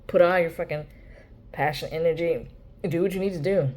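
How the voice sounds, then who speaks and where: A woman's voice: lowish voice, fairly quick, dark tone. A woman ranting bluntly in a casual vlog monologue, swearing freely. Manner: blunt, profane rant with mocking quoted voices. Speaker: vlogger.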